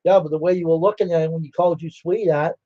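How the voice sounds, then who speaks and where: A man's voice: fairly high pitch, steady tone, fast talker, no echo, dull audio. An older man hosting a livestream, telling rambling stories in casual chat and acting out the dialogue. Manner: rambling, laughing, acts out quoted dialogue. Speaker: livestream host.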